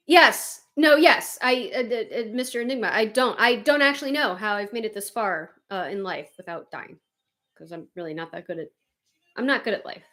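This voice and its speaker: A woman hosting a livestream, chatting casually with viewers and reading their comments, animated and quick to laugh. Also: fairly high pitch. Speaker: livestream host.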